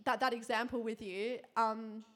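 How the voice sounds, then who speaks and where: A young woman giving a sermon to a congregation, telling a personal story in a chatty, quick way with lots of fillers and frequent laughter. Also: a little high, steady tone, a bit bright. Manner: chatty, fast, laughing often, many fillers. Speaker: church speaker.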